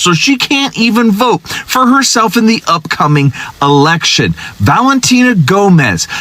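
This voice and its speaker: A man's voice: sits high, bright, forceful tone, no echo. A man giving scornful, emphatic commentary in a social media video.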